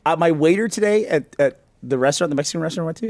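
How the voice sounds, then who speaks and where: A man casually telling funny stories on a podcast, animated and laughing as he goes. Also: a little high, very fast, hardly any pauses, slight background noise. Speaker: podcast regular. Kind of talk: casual storytelling.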